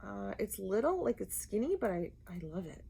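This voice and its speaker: A woman co-hosting a knitting podcast in casual chat, telling stories with lively acted-out quotes and a Rhode Island accent. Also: moderate pace, creaky, a little hiss or hum. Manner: animated storyteller, acts out quotes with big pitch jumps. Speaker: podcast co-host.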